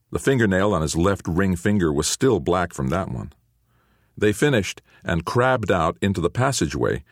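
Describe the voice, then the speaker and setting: A man narrating an audiobook in an expressive storytelling manner. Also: low-pitched, no echo, clean studio sound. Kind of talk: scripted narration.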